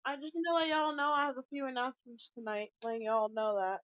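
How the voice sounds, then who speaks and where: A woman's voice: high voice, steady tone, quick pace, fairly bright tone, no echo. A woman chatting casually with friends. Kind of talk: casual chat. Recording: dull lo-fi call audio.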